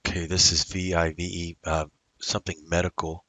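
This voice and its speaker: A day trader talks to himself as he narrates his trades live over a screen recording, rambling and drifting into musings. His voice is low and fairly monotone, brisk and sharp-toned, recorded dry.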